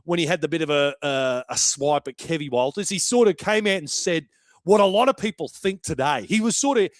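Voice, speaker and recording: A brash young Australian man rattling through casual podcast commentary, swearing as he goes. His voice sits a little high for a man. The sound is dry and close, with no room around it. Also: lively intonation, brisk, no room sound. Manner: brash and chatty, swears freely. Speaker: podcast host.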